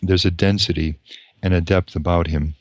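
A man reading a novel aloud and commenting on it as a lecturer, slow and deliberate. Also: deep voice, fairly even intonation, dry recording.

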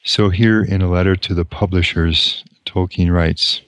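A man reading a novel aloud and commenting on it as a lecturer, slow and deliberate. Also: deep voice, fairly even intonation, no echo.

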